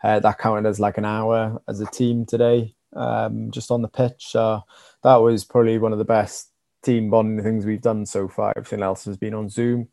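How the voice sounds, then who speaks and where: A man's voice: fairly low pitch, flat delivery, moderate pace, gravelly, dark tone, dry recording, clean studio sound. A man from Wales chatting casually as a rugby guest, rambling with lots of fillers and restarts. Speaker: rugby sevens player, podcast guest. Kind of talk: casual chat, storytelling.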